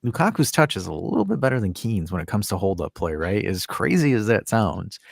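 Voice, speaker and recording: A man co-hosting a laid-back podcast, arguing about football with restarts and "like"s. His pitch rises and falls in a lively, sing-song way, and the sound is close and dry. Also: fairly quick, creaky, no echo. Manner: rambling, animated football debate with restarts. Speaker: podcast co-host. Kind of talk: casual chat.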